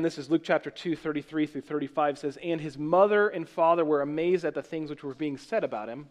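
A man preaching a sermon as pastor, earnest and conversational, often restarting and correcting himself. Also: fairly high pitch.

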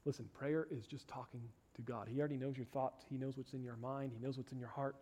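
A pastor preaching a sermon and leading a prayer, his voice climbing for emphasis and sinking low and quiet in prayer. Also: fairly even intonation, fast talker, slightly rough.

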